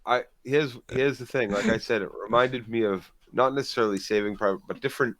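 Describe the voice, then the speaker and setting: A man's voice: medium pitch, brisk, a bit bright. A man co-hosting a casual TV recap podcast, emphatic and profane, often cutting in. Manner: emphatic, profane, talks over others. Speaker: podcast co-host.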